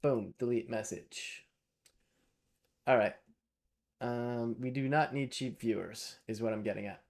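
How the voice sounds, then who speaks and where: A man talks his way through code on a live stream, unhurried and with a gravelly edge to his voice. He thinks aloud, narrates each small step, and turns now and then to chat with viewers. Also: medium pitch, fairly even intonation. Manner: thinks aloud while coding, chats with viewers. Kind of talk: casual live-coding stream talk.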